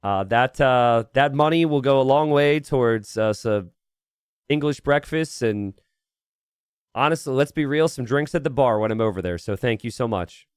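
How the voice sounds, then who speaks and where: A man's voice: medium pitch, normal speed, clean tone, no echo. Male live-stream caster: chatty, rambling, thinks aloud to chat, dead-dry close mic. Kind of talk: casual live-stream commentary.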